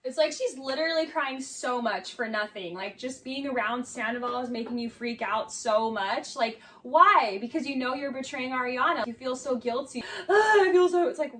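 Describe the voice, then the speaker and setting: A woman's voice: a little high, normal speed, few pauses, fairly bright tone, far from the mic. A young woman giving casual video essay commentary, sarcastic and exasperated, saying "like" a lot.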